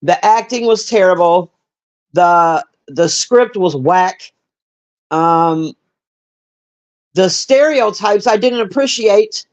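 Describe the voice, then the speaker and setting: A woman's voice: medium pitch, animated, takes it slowly, long pauses, highs cut off. A woman giving a casual, rambling movie review on a livestream, blunt and profane, chatting with viewers in between. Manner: chats with live viewers.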